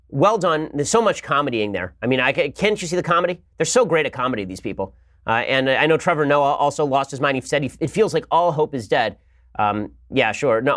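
Male podcast host, rapid-fire, combative and sarcastic, commentary monologue. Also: medium pitch, a bit bright, no echo, studio quality.

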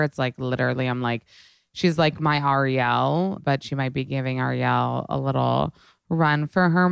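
A young woman hosting a podcast, chatting casually and excitedly, with lots of swearing and filler words. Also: sits low, vocal fry, clear, resonant tone, no echo, clean studio sound. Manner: gushing and fast, heavy swearing and "like". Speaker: podcast host. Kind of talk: casual chat.

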